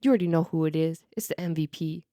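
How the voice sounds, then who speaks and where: A woman co-hosting a podcast, chatting casually and telling lively stories with laughs and loud outbursts. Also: low-pitched, fast talker, no echo, studio quality. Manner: animated storyteller, loud and laughing. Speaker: podcast co-host. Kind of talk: casual chat.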